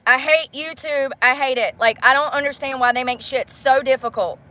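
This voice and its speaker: A woman's voice: sits high, normal speed, bright, forceful tone. A woman chatting casually on a phone livestream, blunt and profane as she vents to her viewers.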